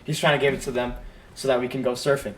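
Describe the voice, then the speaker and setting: A young man on a podcast, telling a long story in a loose, rambling way. He fills it with "like" and puts on short bursts of his friends' voices. His voice is middle-pitched and plain. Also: flat delivery, fast, fairly bright tone. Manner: rambling, lots of "like", quoting friends. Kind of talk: casual storytelling.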